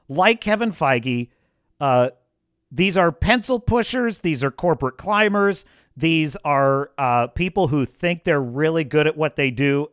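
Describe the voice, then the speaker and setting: A man's voice: a little high, a bit bright, dry recording, studio quality. A man hosting a live stream, ranting bluntly and sarcastically. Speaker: livestream host.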